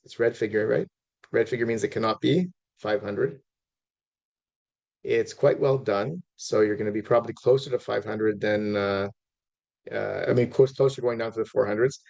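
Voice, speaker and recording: A man's voice: on the low side, moderate pace, creaky, darkish tone, highs cut off. A middle-aged man lecturing an audience in a chatty way, with many fillers and restarts and asides to his listeners. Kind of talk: informal lecture.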